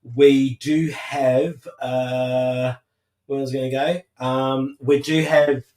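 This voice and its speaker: A man co-hosting a casual livestream, laid-back and halting with lots of fillers. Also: medium pitch, little pitch movement, darkish tone. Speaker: livestream co-host. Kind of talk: casual chat. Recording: roomy echo.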